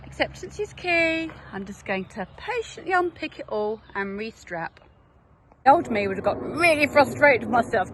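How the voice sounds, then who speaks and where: A British woman with a fairly high voice chats casually to camera on a road trip. She reflects aloud and talks herself through small mishaps in an easygoing way. Faint background noise sits under her voice outdoors. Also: expressive, moderate pace. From United Kingdom. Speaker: motorcycle touring vlogger. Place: outdoors by a roadside.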